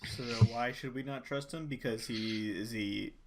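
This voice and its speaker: A man at a tabletop game table who asks quick questions and throws in jokes. His pitch is middling, and a clear hiss of background noise with clicks runs under his podcast track. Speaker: player. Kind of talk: casual game table chat.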